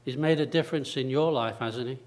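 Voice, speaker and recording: A man preaching a sermon slowly and deliberately, repeating phrases and pausing for emphasis. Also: mid-range voice, darkish tone.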